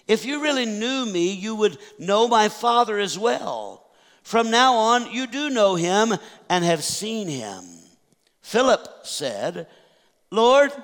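High-voiced pastor preaching in a hall. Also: male voice, fairly bright tone. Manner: reads scripture aloud, slows for emphasis. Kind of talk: sermon. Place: church sanctuary. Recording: church hall reverb.

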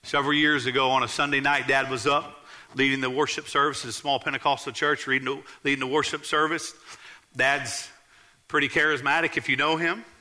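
A man, preaching a sermon as pastor in a church, earnestly emphatic and dropping low to tell stories. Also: flat delivery, a little fast, bright, forceful tone. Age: 40s.

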